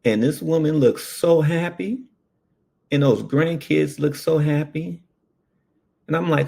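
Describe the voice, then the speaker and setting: A man, a paramedic, telling a personal story in an animated, earnest way. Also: on the high side. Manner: slow, gravelly, animated storytelling.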